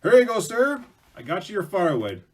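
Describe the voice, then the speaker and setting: A man's voice: huge pitch swings, fairly quick, full character voice. A man voicing a frantic male hunter in a spoken folk tale, flustered and stammering as he pleads. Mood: panicked. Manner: flustered, stammering and high-pitched.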